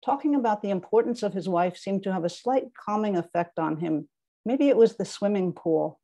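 A woman's voice: medium pitch, moderate pace, mellow. A middle-aged woman author reading her memoir aloud in a wry, understated way.

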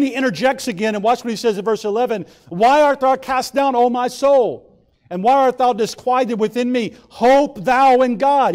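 A male pastor preaching a sermon, earnest, slowing down to draw out scripture and building louder for emphasis. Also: high voice. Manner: slows down and draws out scripture readings.

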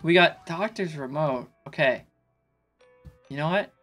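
A man's voice: fairly high pitch, a little slow, soft background music. Tipsy man yelping through a game. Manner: excitable, swearing, panicky outbursts. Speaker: gaming YouTuber. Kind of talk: casual let's play commentary.

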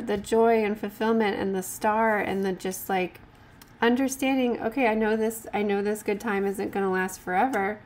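Gentle rambling woman reading tarot. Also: mid-range voice, slight background noise. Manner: gentle, rambling, many fillers and restarts. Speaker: tarot card reader. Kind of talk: casual tarot reading with card text read aloud.

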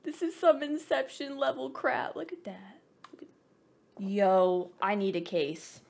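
A young woman vlogging an excited unboxing, bubbly and gushing, rambling with self-mocking asides and over-caffeinated giddiness. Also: medium pitch, unhurried, gravelly. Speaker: gaming vlogger.

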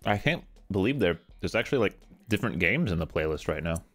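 Male streamer, low voice, hugely swinging pitch, relaxed gaming chat, soft music underneath. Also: fast talker. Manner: laid-back, breaks into laughs, sudden high squeaks.

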